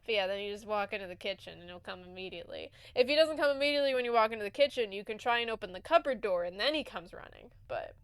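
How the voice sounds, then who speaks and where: A woman's voice: medium pitch, lively intonation, quick pace, hardly any pauses, smooth, no echo. A young woman streamer chatting casually, telling stories with frequent giggles. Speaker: game streamer.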